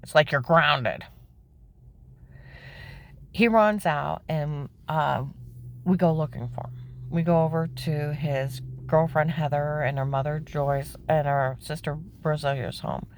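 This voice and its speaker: A woman telling the story of her own life in plain words, emphatic and indignant, her voice climbing high when she is upset. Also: fairly even intonation, takes it slowly, a little hiss or hum. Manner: plain-spoken, with frequent "okay?" asides. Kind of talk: personal testimony, candid storytelling.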